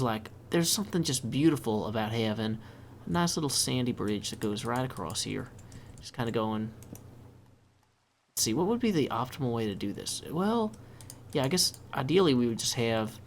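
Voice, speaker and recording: A man talking through his gameplay in a chatty, upbeat way, thinking aloud as he builds. His voice sits at a middling pitch, with a faint hiss of noise behind it. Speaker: let's play host. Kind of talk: casual gameplay commentary.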